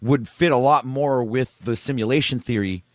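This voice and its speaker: A man's voice: medium pitch, normal speed, a little mellow, no echo, studio quality. A man taking part in a debate, speaking in an easygoing, plain-spoken way. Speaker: debate guest. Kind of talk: debate talk.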